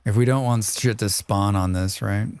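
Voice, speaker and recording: A man's voice: on the low side, fairly even intonation, moderate pace, darkish tone, smooth, no room sound. A man streaming a survival game live, chatting casually, reading chat aloud and humming to himself as he plays. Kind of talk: casual gaming livestream chat.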